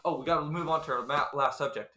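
A man's voice: fairly high pitch, fast talker, very noisy. A young man hosting a podcast, chatting casually with loose, slangy, joking banter. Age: young adult. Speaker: podcast host. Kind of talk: casual chat.

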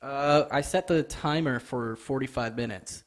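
A man's voice: mid-range voice, a little slow, a little hiss or hum. A young man co-hosting a podcast, laid-back and teasing, laughing often. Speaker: podcast co-host. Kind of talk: casual chat.

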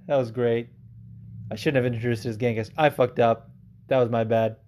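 A man's voice: medium pitch, fairly even intonation, fairly quick, darkish tone, a little hiss or hum. Rambling male podcast host. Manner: rambling, laughs often, many fillers. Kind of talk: casual chat.

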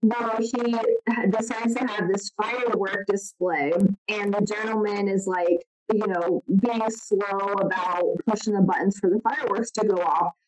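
A woman's voice: medium pitch, steady tone, moderate pace. Rambling woman co-host, noisy recording. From Ohio. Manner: rambling storyteller, mom talk. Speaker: podcast co-host. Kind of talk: casual chat. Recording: audio with clear background noise.

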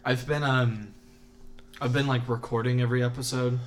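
A young man co-hosting a podcast, swearing freely and breaking into loud laughter. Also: mid-range voice, little pitch movement, normal speed, a little hiss or hum. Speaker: podcast co-host. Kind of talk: crude casual banter.

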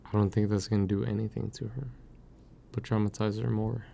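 A young man on a casual podcast with a low, gravelly voice. He keeps pressing his co-host with doubtful questions and pushes back hard on what he hears. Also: little pitch movement, brisk, mellow, slight background noise.

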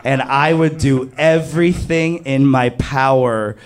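A man telling a comic true story to an audience, animated and self-mocking, leaping high in pitch on exclamations. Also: slow pace, a little hiss or hum.

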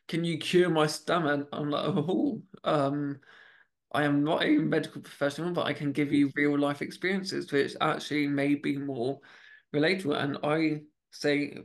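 Rambling man with a creaky voice. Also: on the high side. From United Kingdom. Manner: rambling, many restarts and fillers. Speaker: podcast host. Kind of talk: casual podcast chat.

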